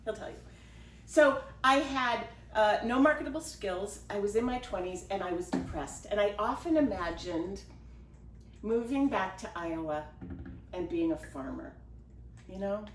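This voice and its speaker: A woman's voice: mid-range voice, unhurried. Self-deprecating woman storyteller, echoey kitchen. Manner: self-deprecating, animated storytelling with acted-out quotes. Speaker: writer and storyteller. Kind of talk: personal storytelling monologue. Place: home kitchen. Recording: roomy home recording from a distance, with background noise.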